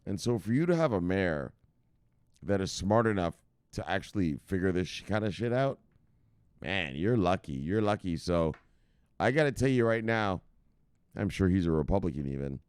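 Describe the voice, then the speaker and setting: A man's voice: low-pitched, sing-song, moderate pace, a little mellow, clear, resonant tone, no echo. A man hosting a crypto news show in casual, profane commentary, brash and laughing at his own jokes. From United States.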